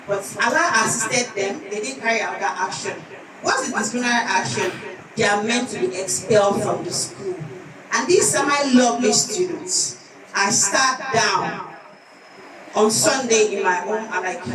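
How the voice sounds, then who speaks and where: A woman teacher giving an earnest conference lecture, telling a personal story from her school. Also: on the high side. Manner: earnest, storytelling, acts out quoted voices. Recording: echoey hall, distant mic, audience.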